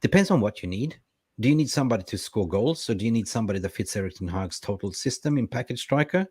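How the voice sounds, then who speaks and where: A man's voice: fairly low pitch, animated, fast talker, darkish tone, slightly rough, no echo. A man co-hosting a casual football fan show, reading viewer comments aloud and reacting to them. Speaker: co-host reading live chat.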